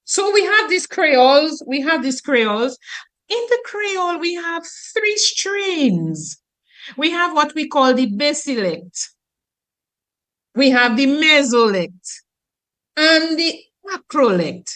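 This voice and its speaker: A woman teacher from Dominica, talking on the radio in an animated, explanatory way. Her voice is fairly high and bright, and her pitch swings widely from phrase to phrase. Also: takes it slowly. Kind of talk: radio talk explaining grammar.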